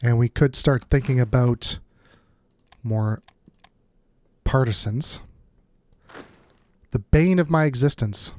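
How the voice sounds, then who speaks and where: A man's voice: medium pitch, animated, measured pace, long pauses, darkish tone. A man with a stuffed-up nose giving casual, think-aloud commentary while playing a strategy game as the channel's host. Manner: thinks aloud, muttering asides. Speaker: let's play host.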